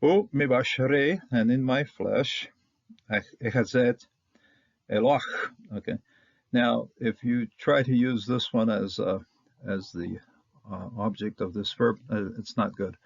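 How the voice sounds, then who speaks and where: A man giving a casual Bible lesson, halting with many fillers and restarts, sounding out Hebrew words slowly. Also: on the low side, level tone, gravelly, no echo. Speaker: Bible teacher. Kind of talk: casual lecture. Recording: dull, dry, lo-fi sound.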